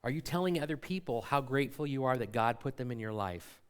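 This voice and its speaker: Middle-aged male pastor, mid-pitched voice, relaxed conversational sermon delivery with rhetorical questions. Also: fast, clean tone. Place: church sanctuary.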